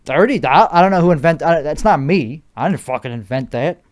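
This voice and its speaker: Here the podcast host talks a little fast with lively intonation, his pitch a touch high. He's a man putting on a Chicago accent, exhausted from lack of sleep, running a rambling solo monologue full of profanity, arguments, and repetition.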